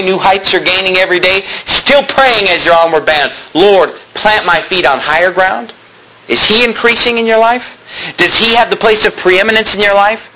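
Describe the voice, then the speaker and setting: Male pastor, bright forceful voice with a slight hiss of noise, preaching with rising emphasis. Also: a little high, rough recording. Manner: preaching with swells of emphasis, quoting scripture in King James wording. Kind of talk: sermon.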